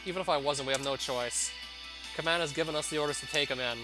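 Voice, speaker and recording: A man's voice: a little high, fast talker, music in the background, natural voice. A man reading a curt, commanding tactical squad leader in clipped orders.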